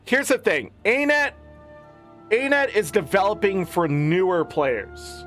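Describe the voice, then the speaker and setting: High, bright-voiced man ranting. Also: lively intonation, slow, faint music behind. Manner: profane, exasperated ranting. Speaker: gaming content creator. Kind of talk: casual gaming rant.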